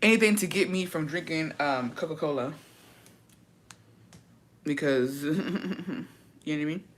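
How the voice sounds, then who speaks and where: With a deep voice and measured pace, a woman talks casually to camera for her vlog audience. The recording carries a little hiss or hum, and she's dramatic and profane, mixing Spanish phrases into her English.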